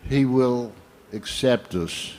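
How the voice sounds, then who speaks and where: Older man giving a slow sermon. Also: mid-range voice, a little mellow. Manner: slow, reflective storytelling. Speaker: speaker at a temple program.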